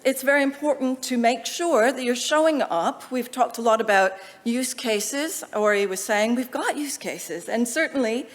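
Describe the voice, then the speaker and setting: Woman, American accent, conference speaker, lively, in a reverberant hall. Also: a little high, moderate pace, few pauses. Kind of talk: conference presentation. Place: lecture hall. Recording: long reverb of a large hall.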